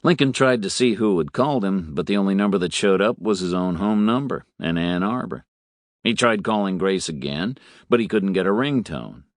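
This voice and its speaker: A low-pitched male audiobook narrator reads a novel in a measured, expressive manner. The scripted narration is studio quality, with no room sound.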